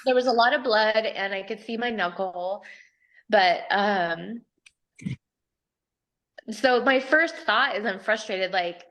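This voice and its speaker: A woman's voice: on the high side, a little slow, a bit bright. A woman on a group video call talks through her own story in a candid, casual way. She laughs often between sentences and speaks like a participant, not a leader. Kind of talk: casual personal sharing.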